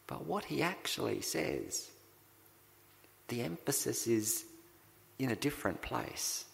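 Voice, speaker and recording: A man preaching a sermon as pastor, slow and deliberate, with dramatic pauses. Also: mid-range voice, lively intonation, creaky, fairly bright tone, long reverb tail.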